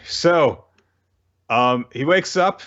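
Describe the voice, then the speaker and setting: A man co-hosting a casual manga recap podcast, telling the story with lively retellings of the characters' lines. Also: a little high, very slow, dull audio. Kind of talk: casual chapter recap chat.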